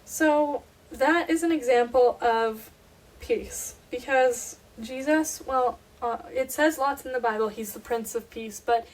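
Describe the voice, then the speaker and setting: A woman's voice: high voice, a little slow. A young woman co-hosting a casual faith podcast, chatting earnestly and reading scripture aloud. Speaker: podcast co-host. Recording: voice a bit distant from mic, faint background noise.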